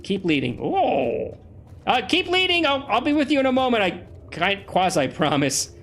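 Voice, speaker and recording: A let's play host with a high voice gives casual, playful commentary at a moderate pace while playing a video game. He comes across as chatty and excitable, and seems a little under the weather.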